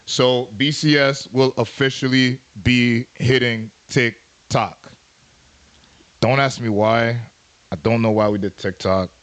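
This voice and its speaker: A man's voice: mid-range voice, steady tone, takes it slowly. Brief: male podcast co-host, easygoing and jokey, loops catchphrases. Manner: playful, repeats catchphrases. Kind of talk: casual chat.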